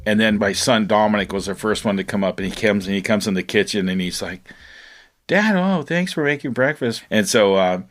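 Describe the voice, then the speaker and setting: A middle-aged man, a fisherman, telling his own story in a rambling, animated way, often laughing as he talks. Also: deep voice, fast, hardly any pauses. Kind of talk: casual storytelling interview.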